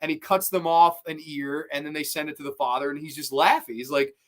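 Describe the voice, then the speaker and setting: A man hosting a horror movie review show, chatting casually, swearing freely and retelling scenes with excitement. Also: on the high side, a little fast.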